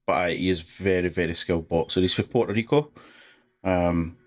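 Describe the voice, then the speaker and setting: Deep-voiced Scottish man, laid-back and hesitant. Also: moderate pace. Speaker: podcast co-host. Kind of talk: casual podcast chat.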